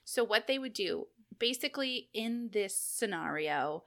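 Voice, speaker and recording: Bright-voiced chatty woman podcaster. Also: mid-range voice, animated, unhurried. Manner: giggly, jokey, chatty. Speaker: podcast co-host. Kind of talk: casual chat and reading a list.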